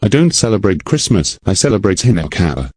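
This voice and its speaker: Low synthetic tts guy chatting on a podcast, dry sound. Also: brisk, slightly rough, no room sound. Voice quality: flat synthetic text-to-speech voice. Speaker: podcast co-host. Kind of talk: casual podcast chat.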